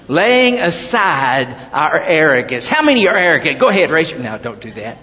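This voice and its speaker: A man's voice: on the high side, big pitch swings, moderate pace, hardly any pauses. A man preaching a sermon in a church, earnest and folksy with self-deprecating asides. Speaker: pastor. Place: church sanctuary. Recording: dull, long-reverb church hall.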